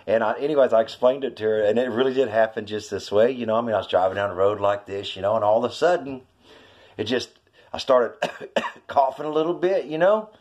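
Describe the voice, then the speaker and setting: Rambling middle-aged man. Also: dull audio. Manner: rambling, repeats "I says" and "you know"; voice climbs high when excited. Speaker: vlogger telling a witness story. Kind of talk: casual storytelling testimony.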